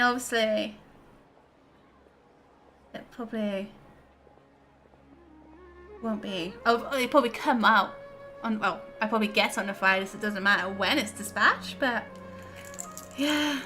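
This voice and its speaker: A woman's voice: fairly high pitch, lively intonation, unhurried, long pauses, sharp tone, soft background music. A young woman streaming a game, chatty and giggly as she reacts to her chat. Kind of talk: casual gameplay chat.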